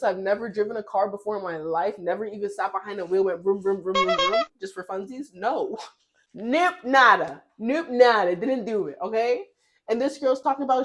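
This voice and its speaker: Young female storytime vlogger, candid and lively, chatting while baking. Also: medium pitch, a little fast, slight background noise. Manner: animated, laughing, slangy and candid. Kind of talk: casual storytelling. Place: home kitchen while baking.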